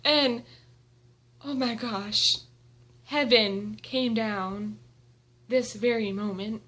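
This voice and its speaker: A young woman vlogging at home, telling an excited story with giggles and gushing fangirl energy. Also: fairly high pitch, very slow. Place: indoors at home.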